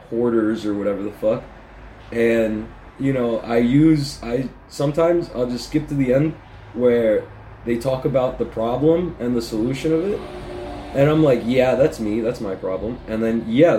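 A man's voice: medium pitch, warm tone, a little hiss or hum. A man hosting his own podcast from his messy room, rambling and swearing freely while poking fun at himself, on poor audio. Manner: profane, rambling, self-mocking. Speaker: podcast host. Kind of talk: rambling casual monologue.

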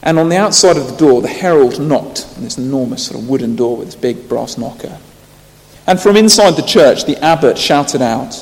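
A man preaching a sermon, telling stories earnestly and rising to loud emphasis. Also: a little high, expressive, fairly quick. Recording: long hall reverb.

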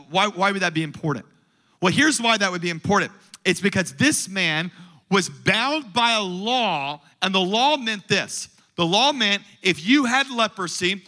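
A man preaching a sermon to his church and online viewers, swinging between loud declarations and quiet asides. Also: sits high. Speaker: pastor.

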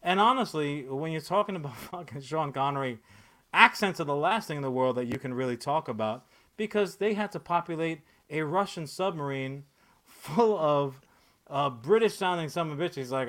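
A man's voice: fairly high pitch, expressive, normal speed, a bit bright. A man hosting a podcast in casual chat, ranting with lots of swearing and filler words. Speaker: podcast host.

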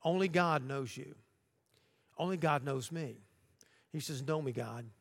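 A male pastor delivering a sermon, swinging from quiet, low asides to loud, urgent outbursts. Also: unhurried, vocal fry. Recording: long hall reverb.

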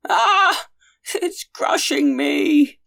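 A shrieking old carter. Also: male voice, huge pitch swings, extremely slow, gravelly, bright, forceful tone, exaggerated voice. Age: older. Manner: shrill pleading cries. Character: old male carter, crushed and desperate.

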